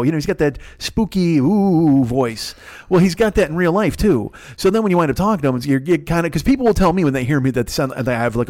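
A man with a Chicago accent and a radio voice, hosting a solo comedic podcast rant, rambling and profane with frequent restarts. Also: fairly high pitch. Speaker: podcast host.

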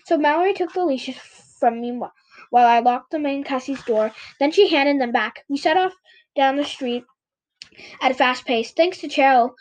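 Woman reading a kids book out loud, high voice, trips over words and fixes them. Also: normal speed. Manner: frequent stumbles and self-corrections. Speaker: reader. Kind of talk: reading a children's book aloud.

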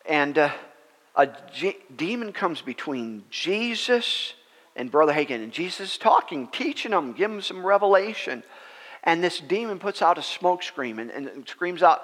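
A man, a pastor, preaching a sermon as a story, acting out the people in it with lively, rising voices. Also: moderate pace. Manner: animated, acts out quoted voices with rising pitch. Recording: long reverb of a church hall.

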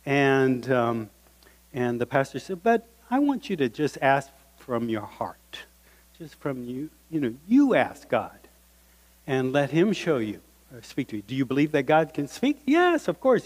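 Animated male preacher in a reverberant hall. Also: medium pitch, a little slow. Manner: animated storytelling, acting out quoted voices. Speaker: guest speaker. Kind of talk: sermon storytelling.

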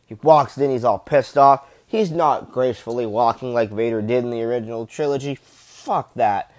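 A man's voice: mid-range voice, moderate pace, darkish tone, dry recording. A man rambling in casual, enthusiastic fan commentary, gushing and swearing freely.

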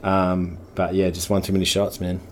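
A man's voice: low-pitched, monotone, moderate pace. A man, a podcast guest in casual chat who swears often and laughs through his stories. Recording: faint background noise.

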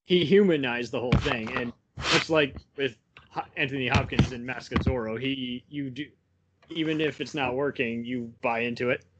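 A man's voice: medium pitch, fairly even intonation, normal speed, heavy background noise. A young man co-hosting a casual film podcast, rambling and laughing often as he talks. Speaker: podcast co-host.

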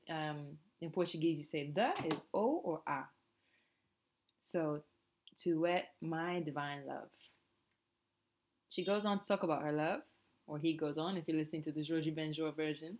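Slow, patient woman teaching a language. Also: deep voice. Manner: slow, patient, models phrases for repetition. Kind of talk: language lesson, repeat after me.

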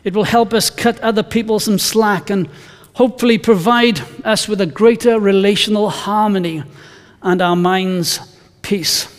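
Male pastor, conversational sermon, high voice, long church-hall reverb. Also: steady tone, normal speed. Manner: conversational, anecdotal, emphatic scripture reading.

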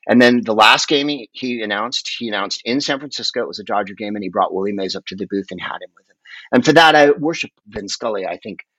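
Rambling, animated man on a dull line. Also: fairly low pitch, quick pace, dry recording. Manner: rambling, animated, profane storyteller. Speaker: podcast guest. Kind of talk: casual chat.

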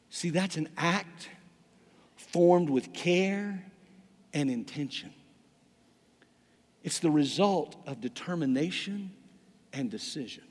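Older man, pastor, sermon, emphatic, repeats words, fairly high-pitched, long hall reverb. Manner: emphatic, repeats words, swings from loud to quiet.

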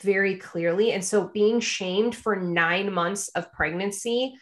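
A young adult woman chatting casually, telling a personal story with lively energy. She slips into quoted voices, at times pitching up and getting louder. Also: a little slow. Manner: animated storyteller, acts out quoted people.

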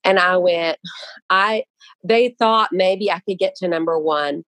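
A woman's voice: lowish voice, unhurried, no echo, rough recording. A woman guest speaking casually and earnestly about writing and releasing her book, with frequent restarts. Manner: earnest, animated, many restarts. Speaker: author and guest. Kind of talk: casual conversational storytelling.

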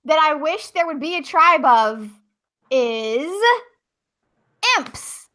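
Bright, high-voiced bubbly woman. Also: animated, takes it slowly. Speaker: podcast co-host and video creator. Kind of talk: casual group chat.

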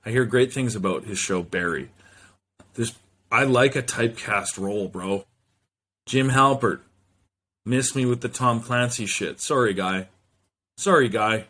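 A man hosting a solo podcast in a loose, rambling way, drifting from one thought to the next. He swears freely and keeps an easygoing, mid-pitched casual tone. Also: measured pace, long pauses, pushed and bright. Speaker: podcast host.

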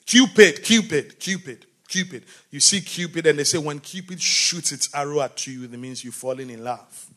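A man preaching a sermon, often asking the congregation questions and swinging between shouting and quiet talk. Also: a little high, moderate pace.

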